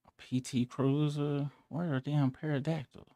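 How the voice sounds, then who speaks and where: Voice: mid-range voice, level tone, moderate pace, dark tone, dry recording, clean studio sound. A live-stream host in casual, profane, rambling chat, breaking into incredulous outbursts.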